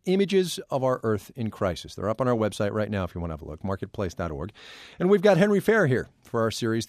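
A man's voice: medium pitch, darkish tone, no room sound. A man with a mid-range voice hosts a radio business program from a dry studio microphone. His intros are polished, and his questions come out curious, with small restarts. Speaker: radio show host. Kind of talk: radio interview and scripted intros.

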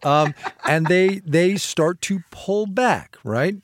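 A podcast co-host with a high voice speaks slowly on a dry recording. He explains an idea in a lively, casual way, laughing as he goes and often interrupting himself to restart his sentences.

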